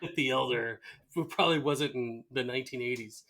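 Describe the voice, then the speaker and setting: A man's voice: medium pitch, a little fast, vocal fry. A man co-hosting a podcast in casual chat, retelling TV scenes with laughs and acting out the quoted lines. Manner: animated storyteller, acts out quoted lines with laughter. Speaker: podcast co-host. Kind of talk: casual chat recapping a TV episode.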